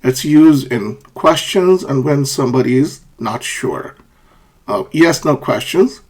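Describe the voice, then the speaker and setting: A man teaching English pronunciation, who says example sentences aloud and repeats them to show rising and falling pitch. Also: animated, unhurried, a little mellow. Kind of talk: pronunciation lesson.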